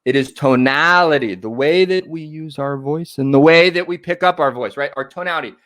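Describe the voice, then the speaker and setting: A man's voice: a little high, a bit bright. Upbeat man who keeps asking "right?". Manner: tags nearly every sentence with "right?"; acts out small dialogues in shifting voices. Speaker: workshop presenter. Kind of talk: motivational talk on connection.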